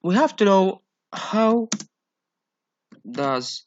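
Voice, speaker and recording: Slow, hesitant male phonetics lecturer. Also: high voice, sing-song, lo-fi sound, a little hiss or hum. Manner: slow, hesitant, many fillers and repeated okays. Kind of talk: classroom lecture.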